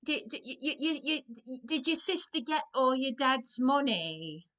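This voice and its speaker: A woman's voice: high-pitched, big pitch swings, a little slow, bright, forceful tone, pitched above the performer's own voice, heavily acted. A woman putting on a nosy northern gossip. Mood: prying. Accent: northern English, put on. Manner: prying, blunt questioning.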